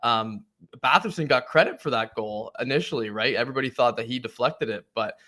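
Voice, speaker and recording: A man's voice: mid-range voice, a little fast, sharp tone. A man co-hosting a sports podcast, chatting in a laid-back, rambling way full of fillers. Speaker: podcast co-host. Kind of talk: casual sports podcast chat.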